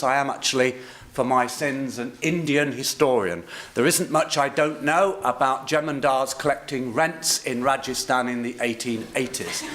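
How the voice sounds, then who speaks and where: A man gives a conference keynote in a conference hall, with a voice at an ordinary middle pitch. His delivery is measured and anecdotal, and he slips in dry humour along the way. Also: fairly bright tone. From England. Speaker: keynote speaker, transport body chairman.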